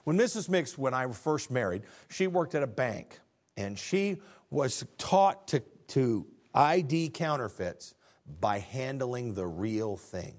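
Animated preaching man in his fifties. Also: mid-range voice, slow pace. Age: 50s. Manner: preaching with rhetorical questions and acted-out dialogue. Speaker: pastor. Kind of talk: sermon.

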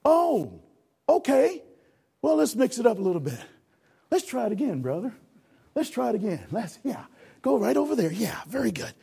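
A man preaching a sermon, addressing the congregation directly and acting out a lifeguard rescue with shouting. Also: extremely high pitch, sing-song, normal speed, gravelly, long pauses, breathy edge. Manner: calls for audience response.

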